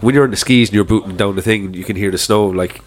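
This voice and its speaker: A man's voice: on the low side, fast, a little hiss or hum. A man co-hosting a podcast in casual chat. He swears freely and trails his sentences with "like". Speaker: podcast co-host.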